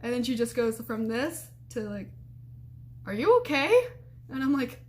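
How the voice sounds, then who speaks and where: Young woman telling an animated storytime. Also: on the high side, moderate pace. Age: young adult. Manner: animated, quotes people in raised voices, laughs often. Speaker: college student telling a story. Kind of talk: casual storytime.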